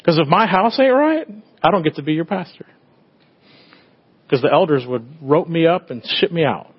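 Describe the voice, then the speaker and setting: A middle-aged man, a pastor, preaching a conversational sermon, swinging between loud bursts and hushed tender moments. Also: a little high, expressive, normal speed, husky, dull audio.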